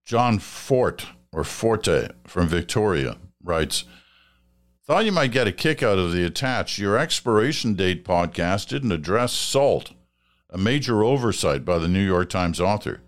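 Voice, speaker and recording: Older man, Canadian accent, very deep voice, podcast host, reads listener letters, relaxed, chuckling. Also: unhurried. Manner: relaxed, musing, chuckles often. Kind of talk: casual chat, reading listener letters.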